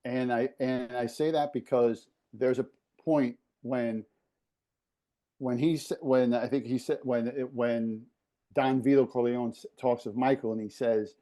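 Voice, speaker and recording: A man with a New York accent chats as a podcast guest, his voice mellow and dark. He tells stories with plenty of animation and slips into the voices of the people in them. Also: mid-range voice, moderate pace. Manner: animated anecdotes, voices others in quotes. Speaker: podcast guest, former basketball operations director. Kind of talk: casual storytelling chat. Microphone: video podcast mic.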